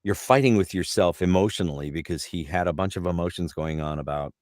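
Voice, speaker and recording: Low-voiced middle-aged voice actor, dry close mic, animated anecdotes. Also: male voice, fast talker, no room sound. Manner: lively storyteller, repeats words when starting. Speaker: voice actor guest. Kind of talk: casual interview chat.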